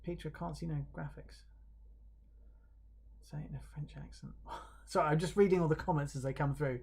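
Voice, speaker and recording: An awards presenter on a livestream, rambling and stopping often to correct themselves. The delivery is casual and self-mocking, with viewer comments read out between announcements. The pitch sits right in the middle. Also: steady tone, fairly quick, gravelly, a little mellow, husky. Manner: chatty and hesitant, with many fillers and self-corrections; light self-mocking humor.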